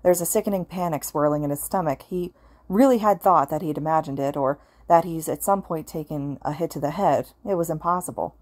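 A woman narrating a fan fiction story aloud in a steady, even tone. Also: low voice, a little fast. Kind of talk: audiobook-style story narration.

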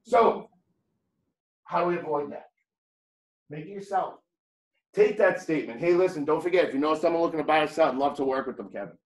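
A man's voice: a little high, fairly quick, pauses often. A man with a heavy Boston accent, teaching a real estate training class in a blunt, conversational, jokey way. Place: training room. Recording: echoey room.

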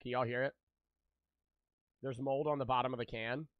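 A man's voice: medium pitch, fairly even intonation, normal speed, no echo, phone-quality sound. A young man streaming, chatting loosely with his viewers, joking and swearing freely. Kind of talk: casual live-stream chat with viewers.

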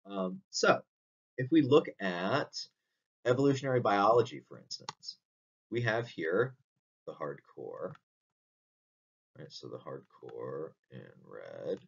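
A man's voice: deep voice, big pitch swings, slow, creaky, long pauses, slightly rough. A man giving a recorded philosophy lecture, explaining step by step and often checking in with "right?". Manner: explanatory, frequent "right?" tag questions. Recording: dull distant lo-fi audio.

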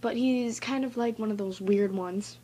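A woman's voice: a little high, measured pace, darkish tone, breathy edge. A woman recording a casual, rambling tutorial vlog in her bedroom, chatty and goofy and easily sidetracked. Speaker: vlogger.

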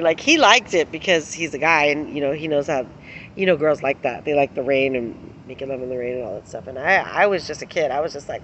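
Giggly, bright-voiced middle-aged woman rambling. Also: sits low, expressive, quick pace, highs cut off, a little hiss or hum. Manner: giggly, laughs often while telling stories; rambling, swears casually. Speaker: vlogger. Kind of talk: casual storytelling to camera.

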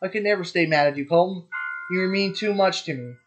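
A man reading the lines of a gentle teenage schoolgirl in a visual novel, in a soft, earnest, apologetic way. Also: high-pitched, brisk, pitched above the performer's own voice, close to an everyday voice. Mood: tender. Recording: dull lo-fi audio with soft music.

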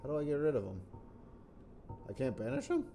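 A man's voice: fairly high pitch, wildly swooping pitch, fairly quick, warm tone, faint music behind. A man hosting a let's play, rambling through casual gameplay commentary, thinking aloud and bursting into exclamations and curses.

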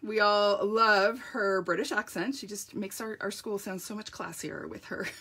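A bright-toned woman leads a live crafting demo from her home craft room. She chats casually and laughs often, and her voice is a little croaky from a runny nose. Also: medium pitch, steady tone, moderate pace, hardly any pauses. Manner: chatty, laughs often, says "like". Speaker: papercraft demonstrator.

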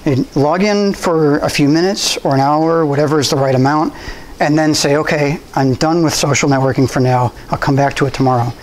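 A man's voice: on the high side, a little fast, a little hiss or hum, rough recording. A man presenting a talk at a computer club, speaking in a loose conversational way with restarts and fillers. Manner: conversational, relaxed, with frequent restarts and ums. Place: university room.

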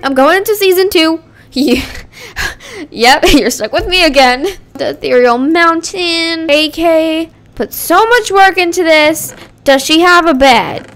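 A woman's voice: extremely high pitch, fairly bright tone. A woman YouTuber giving casual, rambling game commentary into her microphone, giggling and melodramatic. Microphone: desk microphone.

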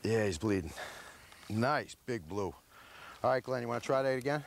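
A man hosting a fishing show, giving excited on-the-spot commentary from an open boat at sea. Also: medium pitch, normal speed, creaky. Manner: coaching, exclaiming over the catch. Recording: loud wind and engine noise outdoors.

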